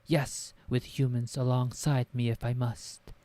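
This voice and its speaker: A calm, serious male centaur speaks gravely and without haste, as a woman reading aloud gives him her own voice. Her tone stays mellow and dry in this storybook reading. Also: very deep voice, a little slow, no echo. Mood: urgent.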